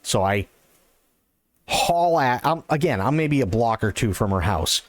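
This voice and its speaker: A man streaming live, telling a long personal story in an animated, excitable way and swearing often. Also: mid-range voice, a little slow. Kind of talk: casual storytelling.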